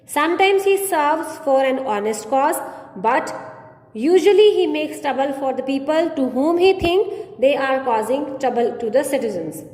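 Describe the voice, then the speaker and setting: A woman's voice: high voice, animated, a little slow, darkish tone. A woman with an Indian English accent, teaching an English class. She reads a story aloud and restates each line in simple words. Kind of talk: reading and explaining a story to a class. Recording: echoey room with long reverb.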